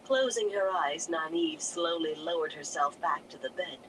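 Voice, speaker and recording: A narrator reading a fantasy novel aloud in a steady storytelling manner. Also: medium pitch, normal speed, hardly any pauses, noisy background. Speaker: audiobook narrator.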